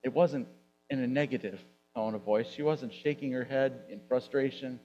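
A man's voice: mid-range voice, darkish tone, lo-fi sound, slight background noise. Conversational male pastor preaching. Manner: conversational, rhetorical questions, drawn-out emphasis. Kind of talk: sermon. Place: church sanctuary.

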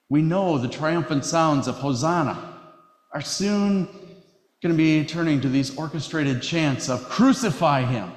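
Man preaching in an echoey hall. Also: on the high side. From Wisconsin. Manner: measured and emphatic, slowing on key phrases. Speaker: pastor. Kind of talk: sermon. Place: church sanctuary.

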